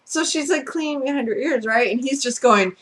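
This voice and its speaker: A woman's voice: high voice, fairly quick. A woman vlogger in a casual, sarcastic rant who talks bluntly and swears freely. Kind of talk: casual ranting monologue.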